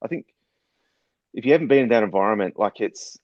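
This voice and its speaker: A middle-aged man with a New Zealand accent, a guest telling stories in a relaxed, measured way with frequent fillers. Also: fairly low pitch, no room sound. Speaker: guest, former special forces officer turned doctor. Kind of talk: casual storytelling in conversation. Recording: slightly dull, muffled sound.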